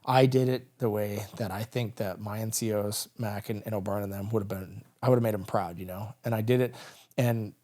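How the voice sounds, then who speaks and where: This veteran podcast guest, a man in his thirties, has a low, warm voice with fairly even intonation and a brisk pace. In the interview he rambles candidly and casually through stories, frequently calling people "brother" and "dude."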